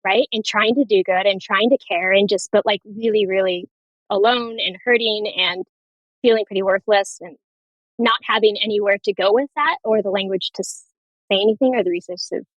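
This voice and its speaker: A woman nurse practitioner talks candidly as a podcast guest, telling stories and laughing often. Her voice has a middle pitch and a dry, close sound. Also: normal speed, dry recording, dull audio. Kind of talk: casual interview chat.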